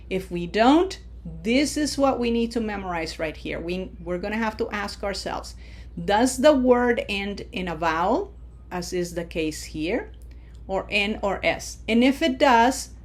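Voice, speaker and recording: A Spanish teacher with a mid-range voice records an online language lesson, patiently explaining the rules. She often asks "okay?" to check in with the listener and slows down to stress example words while modeling pronunciation.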